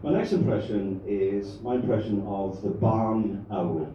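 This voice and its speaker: A stand-up comedian with a lowish, slightly slow voice performs a crude, meandering set at a comedy club, trading banter with the audience. The lo-fi recording, made with a distant mic in an echoey room, has a little hiss or hum.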